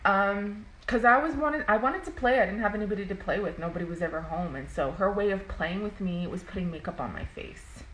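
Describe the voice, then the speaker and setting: A woman's voice: mid-range voice, brisk, few pauses, fairly bright tone, a little hiss or hum, poor audio. A young adult woman vlogging to camera, telling a personal story in a rambling, emotional way with some swearing.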